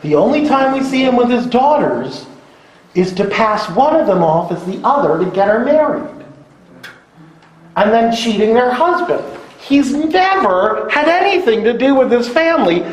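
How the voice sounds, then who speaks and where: A man teaching a Bible lesson, animated and dramatizing the text with frequent laughs. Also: extremely high pitch, normal speed. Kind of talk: scripture lesson lecture. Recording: echoey room, faint background noise.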